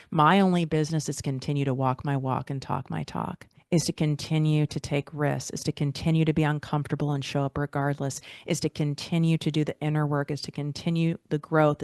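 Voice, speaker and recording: A woman with a low voice hosts a motivational podcast and talks the listener through a guided visualization. She keeps asking questions in an encouraging tone. The recording is dry and close, with no room sound. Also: a little mellow, no room sound. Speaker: podcast host.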